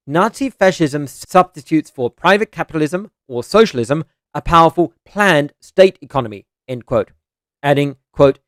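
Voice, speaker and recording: A man giving scripted narration in a measured, even reading voice, reading out citations and marking each quote and end quote. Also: a little high, no echo, studio quality.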